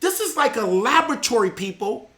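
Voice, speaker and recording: A man hosting a live church talk show, preaching casually and getting animated, often repeating his words and sometimes shouting. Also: very high voice, brisk, echoey room.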